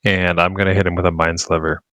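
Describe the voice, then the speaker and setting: Male player, very low voice, deadpan, dry close sound. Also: fast, no room sound. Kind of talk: casual tabletop game chat.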